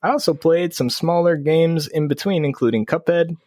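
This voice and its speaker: A man's voice: moderate pace, no echo, clean studio sound. A man co-hosting a podcast over a video call, chatting casually, laughing often and reading out listener messages. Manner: laid-back, laughing often, lively pitch. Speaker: podcast co-host.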